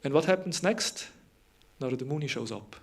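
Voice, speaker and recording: A man's voice: medium pitch, animated, moderate pace, slightly rough. A man giving a devotional morning lecture, retelling scripture in a loose conversational way with frequent fillers and restarts.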